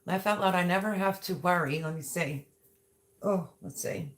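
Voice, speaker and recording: A woman's voice: fairly low pitch, normal speed. Gushing woman chatting on a livestream. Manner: gushing, chatty, reads out viewer comments. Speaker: livestream host. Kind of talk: casual livestream chat.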